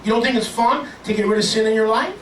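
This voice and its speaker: A high-pitched male pastor gives an animated, joking sermon at a quick pace, dropping into little acted voices as he tells stories. He sounds a bit distant from the mic in an echoey worship hall, with faint room ambience and a noisy background.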